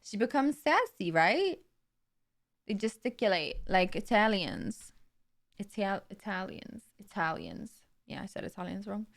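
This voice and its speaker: A woman's voice: medium pitch, a little slow, creaky. A young British woman livestreaming, chatting casually and playfully with viewers, laughing often. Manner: giggly, chatty, playful, animated with hand gestures.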